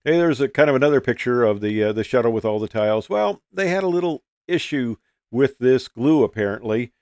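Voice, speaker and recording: A man's voice: mid-range voice, expressive, fairly quick, darkish tone, no echo, clean studio sound. An older man and retired pilot telling a casual, folksy story, with many fillers and restarts.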